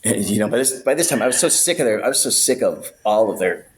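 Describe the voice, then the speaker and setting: A man, a podcast guest, telling a story in a casual, animated way, swearing freely and acting out the people in it. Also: on the low side, fast talker, a little hiss or hum. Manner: animated, profane, acts out voices.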